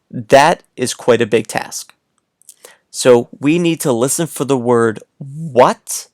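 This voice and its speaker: Male teacher, unhurried, playful read-aloud host for little kids; dry, close sound. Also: medium pitch, no echo. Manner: playful, coaxing, speaks straight to the child. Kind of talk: read-aloud lesson for young children.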